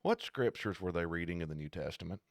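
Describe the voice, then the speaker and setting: A man co-hosting a casual podcast chat, talking in an animated, digressive, jokey way. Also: sits low, fast, vocal fry, no echo, studio quality. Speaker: podcast co-host.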